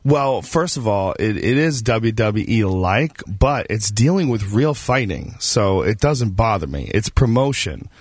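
A man's voice: fairly low pitch, lively intonation, measured pace, few pauses, dry recording. Guy on a radio show chatting about fights, laid back but emphatic, dry close mic. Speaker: guest, fight commentator. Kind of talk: casual radio chat.

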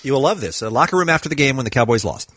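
A man hosting a radio show, asking upbeat, animated questions. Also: mid-range voice, racing, background noise. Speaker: radio host.

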